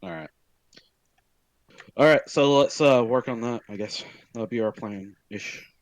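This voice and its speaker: A man's voice: mid-range voice, measured pace, no room sound, rough recording. A man playing a tabletop game over online voice chat, steering the group's plan with many filler words. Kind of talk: casual planning talk at the game table.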